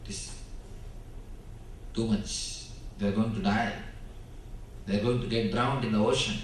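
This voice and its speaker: A man giving a spiritual discourse, preaching slowly and emphatically with dramatic pauses, recorded in a large hall. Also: on the low side, fairly even intonation, recorded from a distance, a little hiss or hum. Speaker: spiritual teacher. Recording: very echoey hall, speaker off mic.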